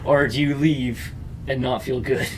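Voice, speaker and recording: A man's voice: mid-range voice, fairly even intonation, slow pace, far from the mic, a little hiss or hum, poor audio. A young man co-hosting a podcast, posing absurd hypotheticals and odd theories in casual chat. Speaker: podcast co-host.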